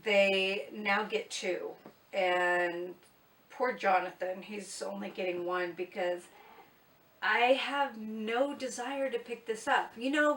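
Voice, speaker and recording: A woman's voice: a little high, a bit bright. A woman talking casually in a book vlog, chatty and blunt, poking fun at herself. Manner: chatty, blunt, self-mocking. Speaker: booktuber. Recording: echoey room, mic at a distance.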